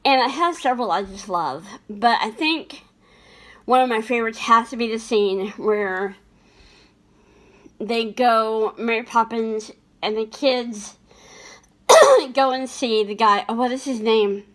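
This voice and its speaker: A woman's voice: a little high, slow. A woman chatting casually about her favorite movies, laughing often and restarting her sentences. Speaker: vlogger.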